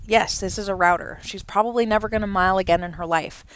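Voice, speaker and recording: A woman calling simulated horse races from home, excited during the race and chatty and rambling between races. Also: mid-range voice, quick pace. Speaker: race caller and host of a horse racing simulation show. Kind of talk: horse race commentary and casual chat. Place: home, with a dog nearby.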